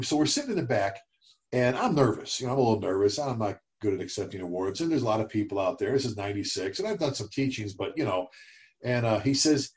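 A middle-aged man co-hosting a casual talk show, telling stories and getting animated when he quotes others. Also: mid-range voice. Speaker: podcast co-host. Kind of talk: casual conversation.

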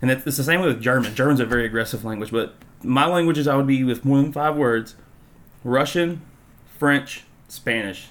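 Man, chatty group talk, mid pitch, animated, quick to laugh. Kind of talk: casual group chat.

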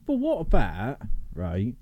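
A man's voice: mid-range voice, huge pitch swings, slow pace, no echo, lo-fi sound. A man, co-hosting a podcast in casual chat, arguing his side in laid-back slang. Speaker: podcast co-host.

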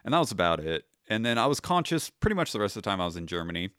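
A man's voice: fairly low pitch, very animated, rapid-fire, a bit bright, clean tone, dry recording, studio quality. Wry, profane man telling a war story. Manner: profane, wry, re-enacts his own quotes. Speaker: podcast guest, retired Army sergeant. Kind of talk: casual storytelling interview.

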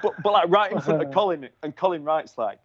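A man hosting a casual chat who tells lively anecdotes and swears freely. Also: fairly high pitch, a little fast, dull audio, a crowd in the background. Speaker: podcast host, former racer.

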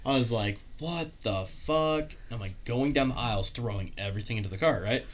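A married man in casual chat, animated, telling stories with lots of "like" and acting out what people said. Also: fairly low pitch, fast. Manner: animated storyteller, lots of "like", acts out quotes.

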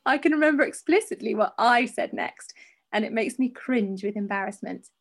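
Woman, high voice, podcast host, expressive story reading. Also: moderate pace. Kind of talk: reading a listener's story aloud.

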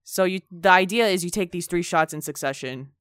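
A peppy young woman tells a story as a podcast co-host, her voice notably deep for a woman. Her delivery is clean and smooth, recorded close and dry. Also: fairly quick, a bit bright, no room sound. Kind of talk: casual storytelling chat.

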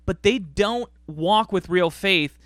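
A man hosting a podcast interview, explaining his view in a relaxed, measured way. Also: sits high, dry recording, clean studio sound. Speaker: podcast host. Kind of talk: casual conversational interview.

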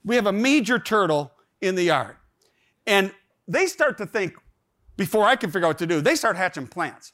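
A middle-aged man with a fairly high voice tells a personal story to a room. He rambles, restarts his sentences and fills pauses, and his telling turns animated as it goes on. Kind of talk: storytelling talk.

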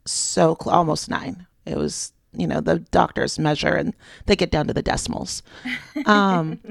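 A woman in her thirties chats and tells stories, laughing often. Her morning voice comes out gravelly and a little rough. The recording is dry and close. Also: deep voice, fairly even intonation, measured pace, no room sound. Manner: chatty storyteller, laughs often. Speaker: podcast co-host. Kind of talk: casual chat.

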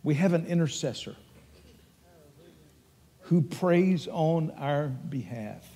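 A man's voice: on the high side, expressive, takes it slowly, warm tone, slightly rough, in a large hall. An older man with a Texan accent preaching a sermon as pastor, earnest and emphatic as he tells stories.

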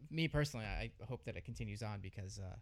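A man's voice: fairly low pitch, expressive, quick pace. A man hosting a podcast in casual chat, telling stories about himself in a chatty, self-deprecating way. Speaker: podcast host.

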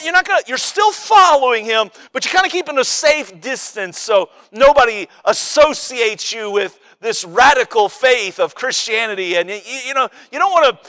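A man's voice: very high-pitched, bright, forceful tone. A man preaching a sermon in a conversational, emphatic way, often repeating and restarting his words.

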